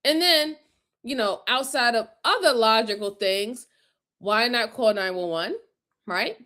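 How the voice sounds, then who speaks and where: Co-host: high-pitched woman with a New York accent, animated casual commentary, repeats herself. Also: unhurried. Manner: animated, repeats words when worked up.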